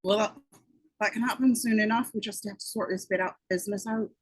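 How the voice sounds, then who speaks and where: Female reader for grumpy Belfast gangster, fifty, husky. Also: mid-range voice, steady tone, brisk, no room sound, natural voice. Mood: needling. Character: stocky angry Belfast man, fifty. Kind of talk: amateur script table read.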